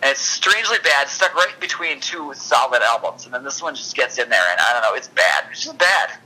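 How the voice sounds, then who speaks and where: A man's voice: medium pitch, big pitch swings, bright, forceful tone, husky, low-quality recording. A man co-hosting a podcast in casual chat, rambling and correcting himself as he goes. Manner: rambling, chatty, quick self-corrections. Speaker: podcast co-host.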